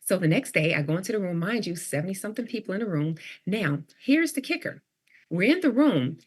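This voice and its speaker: A woman's voice: medium pitch, fairly quick, slightly rough. A middle-aged woman, a leadership coach, telling a story as a podcast guest and acting out the dialogue with animation. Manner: animated storyteller who acts out quoted dialogue.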